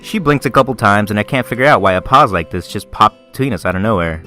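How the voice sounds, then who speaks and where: A man's voice: on the low side, animated, quick pace, pushed and bright, faint music behind. A young man hosting a let's play, reading a visual novel aloud and interrupting with crude, mocking jokes.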